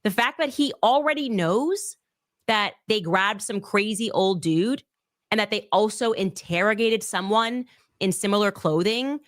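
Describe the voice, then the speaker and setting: A woman commentator reading messages aloud and puzzling over them, thinking out loud with frequent restarts. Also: medium pitch, lively intonation, unhurried, no echo, clean studio sound.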